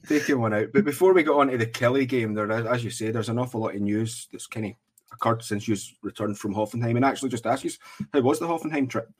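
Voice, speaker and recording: A man hosting a casual football podcast, chatty and relaxed, with plenty of ums and pauses. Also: medium pitch, husky. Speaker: podcast host. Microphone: earphones in, podcast mic.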